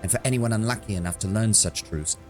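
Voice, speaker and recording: A man's voice: on the low side, fast talker, over music, lightly acted. A man voicing a fierce, commanding female elf. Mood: accusing. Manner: commanding, forceful, accusing. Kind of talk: reading game dialogue aloud.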